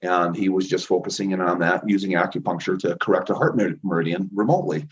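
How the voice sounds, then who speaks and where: Middle aged guy rambling thru stories, lowish voice, kinda muffled lo-fi audio. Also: quick pace. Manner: rambling, anecdotal, acts out quoted voices. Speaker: interview guest, chiropractor and healer. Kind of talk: casual storytelling interview. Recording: dull lo-fi audio.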